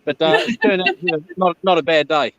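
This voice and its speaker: A man's voice: on the high side, lively intonation, brisk, fairly bright tone, highs cut off. A man with an Australian accent, chatting casually as a guest on a live chat. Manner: laid-back, laughs often, says "yeah, no".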